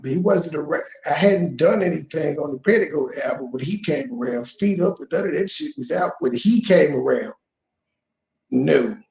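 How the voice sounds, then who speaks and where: A man's voice: fairly high pitch, gravelly, a little mellow, echoey room, dull audio. A man hosting reaction commentary, profane and mocking as he rants. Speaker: commentary host.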